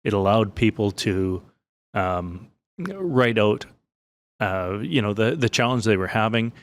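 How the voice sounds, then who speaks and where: A man's voice: lowish voice, animated, unhurried. A man co-hosting a business podcast, telling stories in a joking, casual way with lots of restarts. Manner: storytelling, joking, many restarts. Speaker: podcast co-host.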